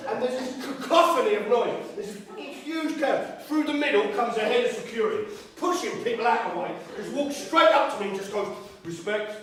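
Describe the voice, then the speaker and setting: A male comedian telling an animated, swearing stand-up story at a live event. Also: very high-pitched, a little fast, few pauses, crowd noise. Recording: echoey live venue, distant mic, audience laughter.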